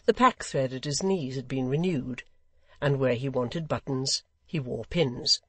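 A man narrating a classic novel audiobook in a measured, deliberate way. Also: medium pitch, a bit bright, dry recording.

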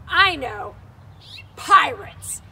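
A woman art teacher talks to children in a playful, theatrical way, her voice very high and lively with a gravelly edge. She sounds set back from the mic, with music running underneath. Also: very slow, distant mic, a little hiss or hum, low-quality recording. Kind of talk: children's video lesson.

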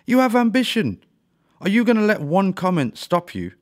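A man voicing a wise old owl teacher in a children's storybook, gruff and teasing. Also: high voice, big pitch swings, normal speed, no room sound, studio quality, pitched above the performer's own voice. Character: wise old male owl teacher, grumpy when woken.

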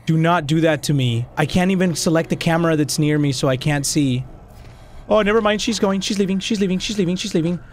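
A man doing excitable let's play commentary, swearing and shouting at the game as he plays. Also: a little high, brisk, faint music behind. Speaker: gaming YouTuber.

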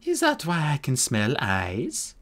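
A man voicing a young, ancient warrior woman with a soft Irish lilt, curt and dry in a storybook audiobook. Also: on the high side, wildly swooping pitch, slow, voice pushed up, exaggerated voice. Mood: wary. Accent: Irish, put on.

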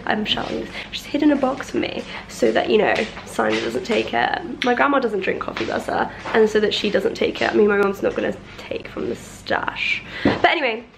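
A woman's voice: a little high, steady tone, normal speed, vocal fry, hardly any pauses, background noise. Chatty young woman vlogging at home. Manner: chatty, rambling, playful. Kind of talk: casual chat.

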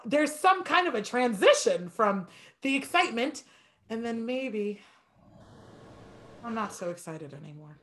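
Woman, piano teacher, fast and animated delivery, very expressive pitch, encouraging masterclass tone.

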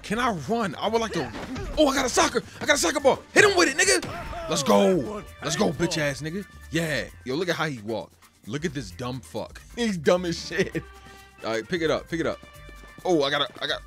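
Over game music, a man hosting a gaming channel rattles off profane, casual commentary and mocks the fighters on screen while playing. His voice sits fairly high, swings widely in pitch, and moves at a brisk clip.

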